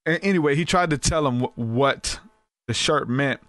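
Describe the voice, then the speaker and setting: Podcast host, rambling storyteller, mid-pitched, dry close sound. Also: male voice, moderate pace, no echo. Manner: animated, rambling, with frequent restarts and asides. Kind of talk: casual storytelling.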